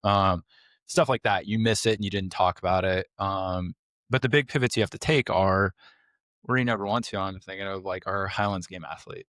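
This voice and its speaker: A man's voice: low-pitched, moderate pace, a bit bright, dry recording, clean studio sound. Blunt, emphatic male podcast host. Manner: blunt, emphatic, rhetorical questions. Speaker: podcast host, clinic owner. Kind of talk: casual clinical discussion.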